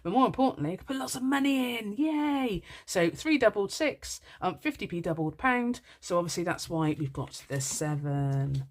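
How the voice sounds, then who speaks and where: A woman's voice: fairly low pitch, lively intonation, normal speed, hardly any pauses. Woman, casual vlog chat, bubbly, apologetic, rambling with fillers. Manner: chatty, bubbly, apologetic, lots of ums. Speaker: budgeting vlogger.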